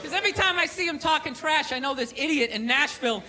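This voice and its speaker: A man doing a sarcastic stand-up routine, ranting and shouting his punchlines to a club audience. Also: very high voice, animated, fast talker. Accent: Boston. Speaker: stand-up comedian. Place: comedy club stage with live audience. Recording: live club recording with crowd laughter and noise.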